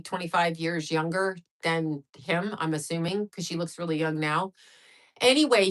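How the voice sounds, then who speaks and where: A woman's voice: mid-range voice, sharp tone. Casting: middle-aged woman, livestream host, loose rambling chat, answers comments. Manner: chatty, rambling, reacts to viewer comments.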